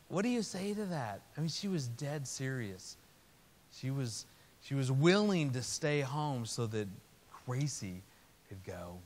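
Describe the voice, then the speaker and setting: A man preaches through a family story, slipping into the voices of his characters as he goes. His voice sits at an ordinary middle pitch, and the sound carries a long reverb from a large hall. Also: unhurried. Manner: animated storyteller, acts out quotes. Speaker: speaker. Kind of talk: storytelling sermon.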